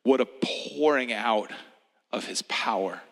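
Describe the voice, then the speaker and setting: A male preacher leading a reflective, meditative sermon, speaking gently and often sinking into a hushed near-whisper. His tone is bright and clear. A long hall reverb hangs on every phrase. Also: mid-range voice, takes it slowly.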